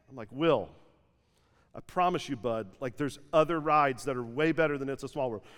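A man's voice: mid-range voice, fast talker, clear, resonant tone. Man telling a story in a reverberant hall. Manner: lively anecdotal storytelling with frequent "like", acting out quotes. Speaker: pastor. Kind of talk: storytelling sermon. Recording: long hall reverb from a church stage.

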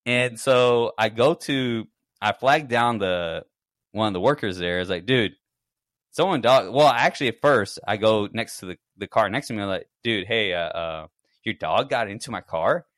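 A man's voice: on the low side, animated, normal speed, a bit bright, no echo, clean studio sound. A man co-hosting a podcast, telling a long story in casual chat and acting out his own reactions. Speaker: podcast co-host.

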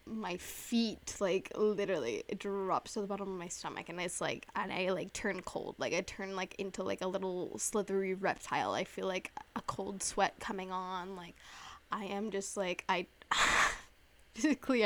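A woman in her twenties hosting a casual podcast. She tells a story with lots of "like" and swearing, acting out her own reactions in a voice that jumps up high. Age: 20s. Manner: animated storytelling, heavy use of "like" and swearing; acts out her own past reactions with big jumps in pitch. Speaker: podcast host. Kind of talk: casual chat.

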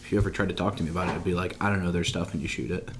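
A man's voice: low-pitched, fairly even intonation, very fast, noisy background. A man co-hosting a casual podcast over drinks, rambling easily with lots of fillers. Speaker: podcast co-host. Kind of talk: casual chat.

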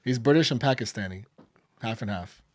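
A man's voice: medium pitch, a little fast. A man with a plain mid-range voice talks through a story on a podcast. He rambles, restarts his sentences, and keeps the tone casual. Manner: rambling explainer, many restarts. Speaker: podcast co-host. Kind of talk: casual chat.

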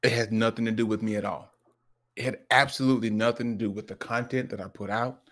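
A man co-hosting a podcast, telling a story in casual chat, restarting often and acting out what people said with sudden jumps in pitch. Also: quick pace. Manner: animated storyteller, acts out quoted lines with jumps in pitch; frequent restarts and repeated words. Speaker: podcast co-host.

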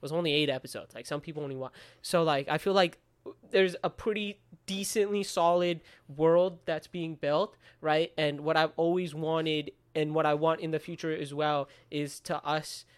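A man's voice: on the high side, steady tone, moderate pace, clean tone. Rambling young man with lots of fillers. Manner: rambling, many fillers, swears freely. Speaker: podcast co-host and writer. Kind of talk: casual chat.

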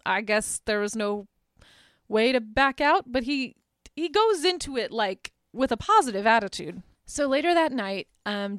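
A woman's voice: mid-range voice, clear, resonant tone, dry recording, studio quality. A woman hosting a podcast and recapping a movie in a casual, sarcastic way. She says "like" constantly and swears freely. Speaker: podcast host.

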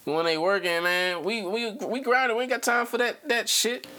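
A young man hosting a podcast in casual chat, animated, his voice jumping up when he gets excited and settling low when relaxed. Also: normal speed. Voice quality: low laid-back talking voice. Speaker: podcast host.

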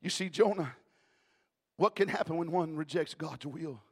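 A man preaching a sermon, moving between quiet storytelling and shouted exhortation. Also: a little high, moderate pace, husky. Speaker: pastor.

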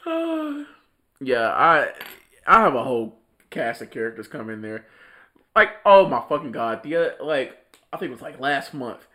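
A man's voice: mid-range voice, sing-song, moderate pace, bright, forceful tone. A young man in casual podcast chat, telling a work story with lots of laughter, cursing and slang.

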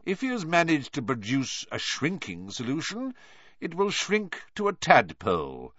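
A man's voice: a little high, huge pitch swings, measured pace, a bit bright, no echo, dull audio, pitched above the performer's own voice, full character voice. Man playing a cold, stern teacher.

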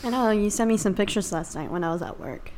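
A woman's voice: medium pitch, quick pace, darkish tone, slight background noise. A woman hosting a casual chat, reacting to her guest and laughing easily. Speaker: host.

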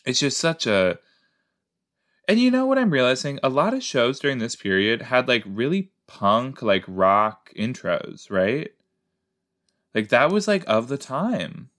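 A male podcast host rewatches a show and offers playful, rambling, self-mocking commentary. His mid-range voice is very animated, unhurried, and fairly bright in tone.

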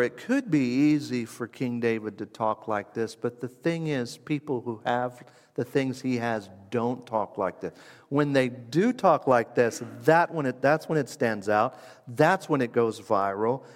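Male preacher, mid-pitch, conversational sermon delivery, hushed to emphatic, long church reverb. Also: animated, a little slow. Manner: conversational, reflective, with wide shifts from hushed to emphatic.

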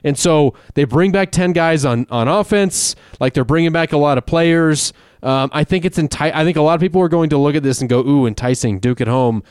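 A man hosting a casual sports betting podcast, talking in quick, rambling runs with many fillers. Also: fairly high pitch, darkish tone, clear, resonant tone, no room sound. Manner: fast, rambling, full of fillers and restarts. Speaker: podcast host.

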